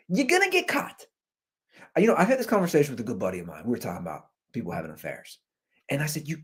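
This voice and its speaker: A man hosting a podcast, giving animated, jokey commentary on viral videos through a computer's built-in microphone. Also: on the high side, slightly rough. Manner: animated, jokey, talks over clips. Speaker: podcast host. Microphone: computer's built-in mic.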